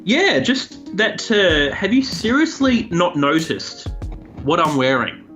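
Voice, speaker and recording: A man's voice: high voice, slow pace, soft background music. A man, co-hosting a podcast and chatting casually about odd news stories. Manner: chatty, animated storytelling. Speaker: co-host.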